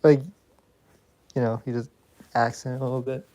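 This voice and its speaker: A man's voice: medium pitch, little pitch movement, normal speed, warm tone. A man chatting casually on a livestream, rambling and swearing freely while talking to his viewers. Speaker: streamer.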